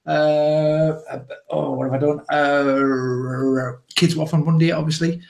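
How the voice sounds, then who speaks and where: A man's voice: fairly high pitch, level tone, measured pace, creaky, a little mellow. A man, chatting cheerfully as co-host with many hesitant fillers. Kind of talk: casual livestream chat. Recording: echoey room.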